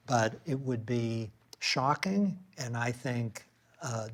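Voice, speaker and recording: A man giving a public lecture in a room with an audience, telling a personal story in a conversational way with occasional fillers and restarts. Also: mid-range voice.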